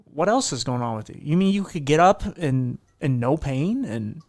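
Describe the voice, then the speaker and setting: A man's voice: on the high side, lively intonation, moderate pace, darkish tone, dry recording, clean studio sound. A man hosting a casual podcast conversation, talking in a sarcastic way and swearing freely. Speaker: podcast host.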